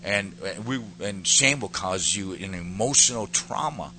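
A man with a lowish voice and a forceful, pressing edge shares his testimony in earnest. He moves between quiet reflection and emphatic, preacher-like declarations. A faint hum sits under his voice. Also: animated, unhurried, rough recording. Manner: earnest, rises to emphatic peaks. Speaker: guest giving a testimony.

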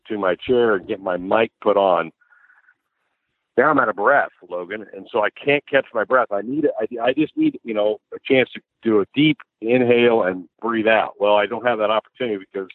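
A man, a sportscaster from the American Midwest, telling stories in a casual interview with lively restarts and laughs. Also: lowish voice, no echo. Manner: animated storyteller, frequent restarts and laughs. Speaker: sportscaster guest. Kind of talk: conversational interview storytelling. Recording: dry, phone-like narrow line.

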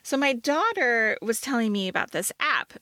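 A woman's voice: fairly high pitch, very animated, moderate pace, sharp tone, dry recording. A middle-aged woman co-hosting a podcast, telling a self-mocking story in casual chat, full of fillers. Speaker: podcast co-host.

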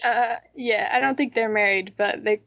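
A woman's voice: on the high side, fairly even intonation, moderate pace, a bit bright, no echo, highs cut off. A woman co-hosting a casual podcast chat, candid and joking, with lots of slang. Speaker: podcast co-host. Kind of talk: casual chat reviewing a TV drama.

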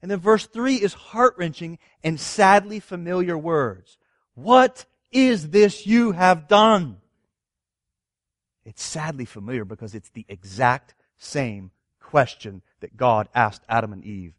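A man's voice: mid-range voice, moderate pace, few pauses, a bit bright, no echo, studio quality. A man preaching a sermon, reading scripture and asking his listeners earnest rhetorical questions. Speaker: pastor.

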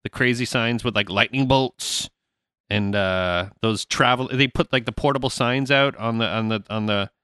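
Man, podcast host, rambling laughing storyteller, crisp bright voice, dry room. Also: mid-range voice, normal speed, dry recording. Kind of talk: casual chat.

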